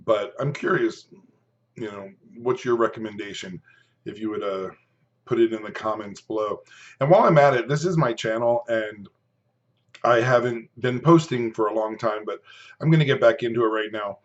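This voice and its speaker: A man's voice: fairly low pitch, moderate pace, dull audio. A man in his fifties talking casually to camera while eating, chatty and rambling, stopping now and then to chew. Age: 50s. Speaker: food and fitness vlogger.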